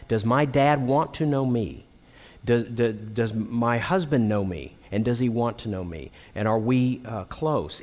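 A middle-aged man preaching a sermon to men, telling stories and acting out the lines of the people in them. His voice sits at an ordinary pitch for a man. It rings with the long reverb of a large hall. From Texas. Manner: animated storytelling with acted quotes.

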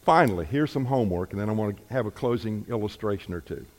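A man preaching a sermon, telling stories with emphatic, slow, deliberate stresses. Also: lowish voice, expressive. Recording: reverberant hall.

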